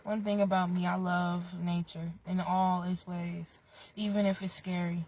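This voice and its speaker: A woman's voice: lowish voice, a little slow, a little hiss or hum, rough recording. A young woman vlogger giving a blunt, profane motivational rant in casual chat. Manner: profane, blunt, animated with bursts of laughter.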